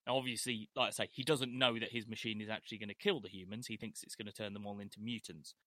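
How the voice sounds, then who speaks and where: A man's voice: on the low side, fairly even intonation, fast talker, bright, forceful tone, dry recording, clean studio sound. A middle-aged man co-hosting a casual film discussion podcast, chatty with hesitant restarts. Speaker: podcast co-host.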